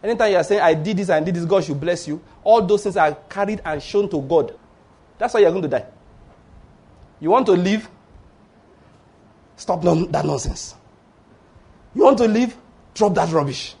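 A man preaching a sermon, animated and acting out the voices of people in his stories. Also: high voice, normal speed, long pauses, breathy edge. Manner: animated, acts out voices of Satan and church members.

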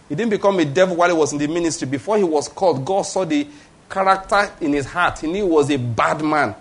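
A man's voice: on the high side, quick pace. A middle-aged man with a Nigerian accent preaching a sermon, emphatic and conversational, often checking in with his congregation. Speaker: pastor.

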